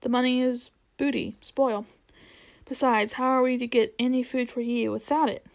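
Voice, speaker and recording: A proud male talking horse from a storybook, fussy about his dignity and given to formal, old-fashioned turns of phrase, as a woman reads him aloud. The voice sits a little high and keeps close to her plain reading tone. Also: fairly even intonation, moderate pace, creaky. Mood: matter-of-fact.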